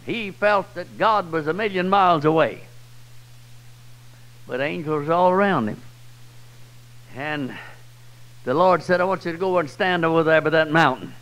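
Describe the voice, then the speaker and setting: A man with a Southern US accent preaching a sermon, swinging from loud, high cries to low, quiet passages. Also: measured pace, pauses often, poor audio. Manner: swells loud and high then drops low and soft. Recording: old 1990s church tape.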